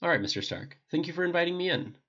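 A man's voice: fairly high pitch, lively intonation, very fast, a bit bright, dull audio, voice pushed up. A man doing a polite, earnest male soldier. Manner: polite, earnest, old-fashioned.

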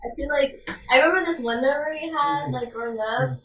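High-voiced young woman, giggly and rambling. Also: brisk, fairly bright tone, recorded from a distance. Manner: giggly, rambling, filler-heavy. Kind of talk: casual chat. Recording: echoey room, away from mic.

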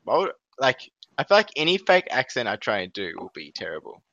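A man's voice: mid-range voice, wildly swooping pitch, fairly quick, vocal fry, fairly bright tone, no echo, highs cut off. A young Australian man co-hosting a podcast, chatting casually and rambling with lots of fillers and laughs. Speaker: podcast co-host. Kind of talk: casual chat.

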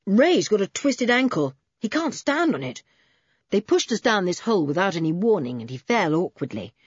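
A woman's voice: mid-range voice, very animated, normal speed, slightly rough, no echo, dull audio. A woman voicing a brave young man, a pilot, speaking steadily and practically.

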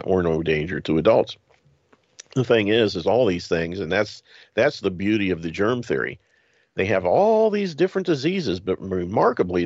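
A man's voice: sits low, vocal fry, darkish tone, no room sound, lo-fi sound. A man hosting a show, reading news items aloud and breaking in with mocking, chuckling asides. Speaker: podcast host.

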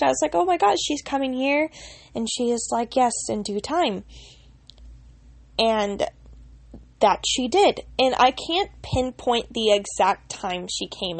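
A woman's voice: a little high, vocal fry, dry recording. A young woman casually telling a personal story in a rambling way, full of restarts and fillers.

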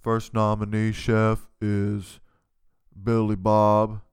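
A man impersonating a nervous cooking-show contestant who answers slowly and haltingly, deferring to the chef. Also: lowish voice, monotone, smooth. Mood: hesitant. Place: home basement.

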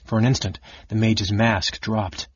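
A man narrating a fantasy novel audiobook in an even, steady storytelling manner. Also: lowish voice, measured pace, slightly rough, no echo. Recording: dull lo-fi audiobook recording.

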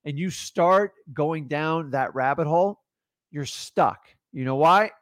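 A man's voice: mid-range voice, no room sound, clean studio sound. A man coaching beginners in real estate wholesaling in a casual live talk, emphatic and often checking in with "okay?". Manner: acts out sellers' and his own lines in quotes.

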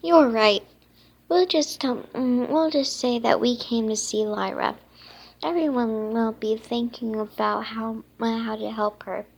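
A nervous young fairy girl from a storybook, read by a woman. The voice is husky with a gravelly edge, and the phrasing is unhurried and full of restarts. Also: fairly high pitch, fairly even intonation, full character voice. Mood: anxious. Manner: halting, stumbling delivery. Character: young female candy fairy, anxious.

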